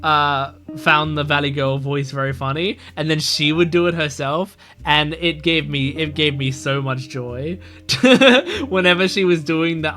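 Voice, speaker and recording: A man's voice: fairly high pitch, unhurried, pushed and bright, faint music behind. A man casually playing a mystery game, reading its text aloud and rambling through side stories. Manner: rambling, full of fillers and restarts.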